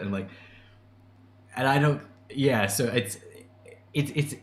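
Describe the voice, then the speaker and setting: A man with a mid-range voice hosts a casual livestream, reading and answering chat messages in a chatty way. He speaks slowly, pausing often, laughing a lot and restarting sentences. The echoey room carries faint ambience plus a little hiss or hum.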